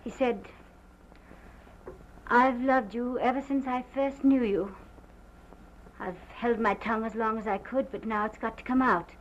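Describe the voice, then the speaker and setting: An actress playing a distraught planter's wife who gives a halting, theatrical statement in an early sound film. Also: female voice, fairly high pitch, fairly even intonation, natural voice. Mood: agitated. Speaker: witness giving a statement. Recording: muffled 1929 film sound with faint hiss.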